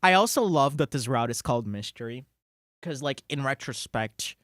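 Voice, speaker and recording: An excitable game streamer giving live-stream commentary, thinking aloud, swearing and laughing between words. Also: mid-range voice, moderate pace, dry recording, studio quality.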